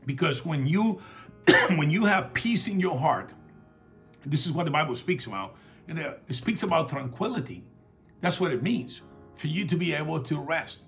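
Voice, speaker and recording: A man preaching a sermon in a relaxed, conversational way, telling stories and acting out the dialogue. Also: on the high side, moderate pace, faint music behind. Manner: calls for audience responses. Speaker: pastor.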